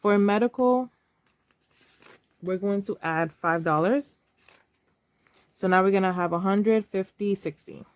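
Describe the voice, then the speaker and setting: A woman's voice: mid-range voice, measured pace, long pauses, dry recording. A woman in her thirties, talking casually and emotionally to camera while counting cash aloud. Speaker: vlogger.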